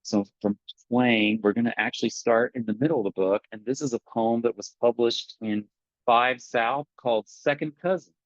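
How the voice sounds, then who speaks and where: A man who grew up in Appalachia, a guest poet introducing his work with relaxed, wry asides and reading his poems slowly and deliberately over a video call. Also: mid-range voice, no room sound. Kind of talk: poetry reading with casual introductions. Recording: dull, dry video-call audio.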